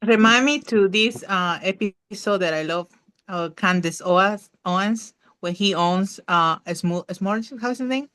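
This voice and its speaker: A woman's voice: mid-range voice, measured pace, fairly bright tone, clear, resonant tone. A woman co-hosting a podcast in casual chat, hesitant and full of fillers as she hunts for words. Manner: hesitant, many fillers and restarts. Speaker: podcast co-host.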